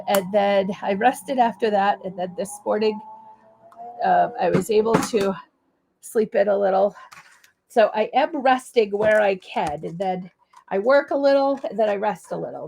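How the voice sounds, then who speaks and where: Live-stream craft host: woman with a Canadian accent and a cold, slight gravel in her voice, chatty asides. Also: medium pitch, moderate pace, darkish tone. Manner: rambling, friendly, lots of ums and asides. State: has a cold and cough.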